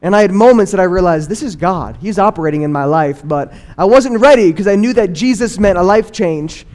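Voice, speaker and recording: High-voiced man sharing a personal testimony. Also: a little fast. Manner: earnest storytelling, acting out quotes in lively bursts. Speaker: testimony speaker.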